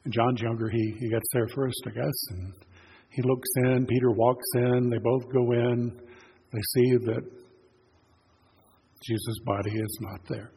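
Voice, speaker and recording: A man preaching in a church sanctuary, telling the story in an easygoing, conversational way. His voice sits at an ordinary middle pitch. It carries a long reverb from the hall, with a faint hiss of noise underneath. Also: fairly even intonation, a little slow, gravelly, long pauses, dark tone. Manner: conversational storytelling, retelling scripture in plain words. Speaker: pastor. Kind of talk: sermon.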